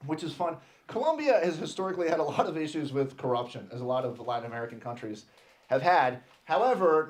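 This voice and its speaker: A man in his thirties from Texas doing a stand-up comedy set on a club stage, animated and playing out little voices. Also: medium pitch, slight background noise.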